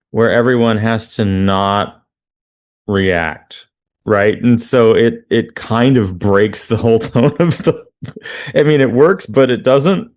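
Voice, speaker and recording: A man co-hosting a podcast in casual chat, relaxed, chuckling through loose rambling asides. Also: medium pitch. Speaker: podcast co-host.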